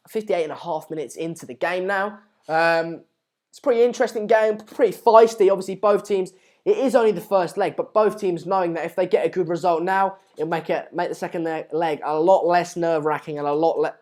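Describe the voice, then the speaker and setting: A man's voice: on the high side, brisk, a little mellow. A man hosting a live football watchalong, chatting casually and reading out viewer comments. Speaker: live stream host.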